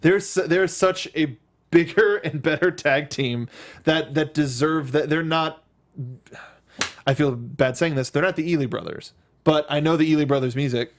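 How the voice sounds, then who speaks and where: Rambling, playful man hosting chat. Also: normal speed. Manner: rambling, playful, quotes himself in high voice. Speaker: host. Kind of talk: casual recap chat.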